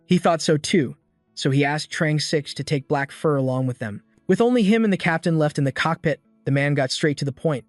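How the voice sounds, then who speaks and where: A man giving a steady scripted narration as the recap narrator of a comic story. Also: fairly high pitch, a little fast, no room sound, soft background music.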